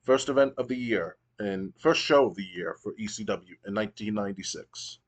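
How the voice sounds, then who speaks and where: A man's voice: on the low side, a little fast. A man casually narrating his wrestling management game, storytelling loosely with fillers. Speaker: game streamer.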